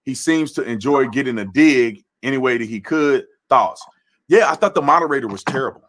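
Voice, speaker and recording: Animated man hosting a political livestream. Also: medium pitch. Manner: animated, quick to restart phrases. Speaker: livestream host.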